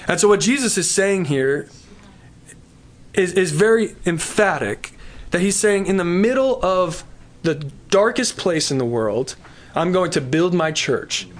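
A man's voice: high voice, very animated, unhurried. A man preaching a sermon in a church service, emphatic and building to exhortation before moving into prayer. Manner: slips into prayer. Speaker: pastor.

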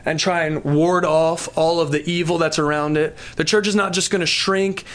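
Emphatic preaching man, higher voice. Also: steady tone, moderate pace. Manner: emphatic preaching, builds to exhortation; slips into prayer. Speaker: pastor. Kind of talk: sermon. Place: church service.

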